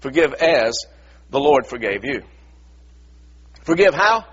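A middle-aged male pastor preaches a sermon in church, earnest and repetitive, stumbling into restarts and firing off rhetorical questions. His medium-pitched voice is very animated, slow, and slightly rough, captured with lo-fi sound.

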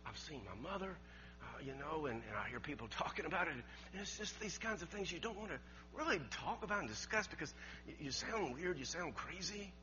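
Preacher guy telling stories, high bright voice, kinda dull recording w/ faint hum. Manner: folksy, repeats words, laughs often, swings from loud to hushed. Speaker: pastor. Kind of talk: storytelling sermon.

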